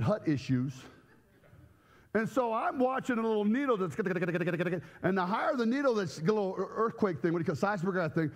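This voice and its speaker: Man, preacher, high lively voice, comic storytelling, big reverberant hall. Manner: animated storytelling with comic outbursts. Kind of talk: sermon. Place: church sanctuary.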